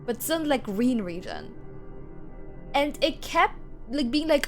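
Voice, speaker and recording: A woman's voice: sits high, very animated, moderate pace, a bit bright. A young woman streaming a game, chatting in a bubbly, giggly, rambling way over game music. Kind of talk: casual gameplay commentary.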